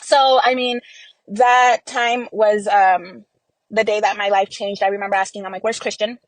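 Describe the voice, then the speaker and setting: A woman's voice: mid-range voice, steady tone, normal speed, no room sound, rough recording. Young woman retelling a painful family loss. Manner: recounts events by acting out quoted dialogue, many fillers. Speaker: guest. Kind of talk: emotional personal storytelling.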